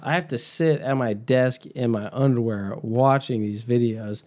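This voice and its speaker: Laid-back, mellow man in his thirties. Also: medium pitch, normal speed. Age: 30s. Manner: laid-back, rambling, swears casually. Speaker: podcast co-host. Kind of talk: casual chat.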